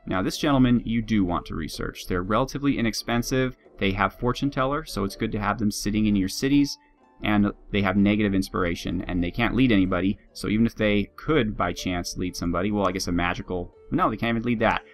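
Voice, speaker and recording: Chatty low-voiced man over faint guitar. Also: fast. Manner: chatty, laughs at his own jokes. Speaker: game video host. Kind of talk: casual let's-play commentary. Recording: faint guitar music behind.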